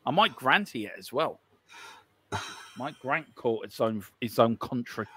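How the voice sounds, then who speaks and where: Very animated, with a sharp, slightly rough mid-range voice at a measured pace, this Cork-accented Irishman co-hosts a live football watchalong. He teases, laughs and rambles, his banter thick with fillers.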